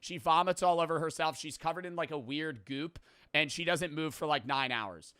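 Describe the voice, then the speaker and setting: Bright, crisp-voiced man recapping casually. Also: on the high side, moderate pace, no room sound, studio quality. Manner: rambling, profane plot recap with filler words. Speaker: podcast host. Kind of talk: casual storytelling.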